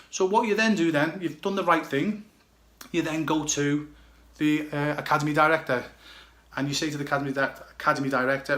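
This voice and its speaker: A man's voice: fairly high pitch, fast talker, fairly bright tone, echoey room. A blunt, emphatic man with a British accent, a goalkeeper coach giving direct advice and often checking "okay, yeah?". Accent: British English.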